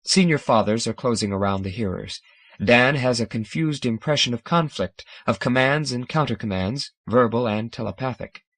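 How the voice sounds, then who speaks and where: A man reading a science fiction audiobook in a dramatic, measured narration style. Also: mid-range voice, fairly bright tone, no room sound. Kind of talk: scripted narration.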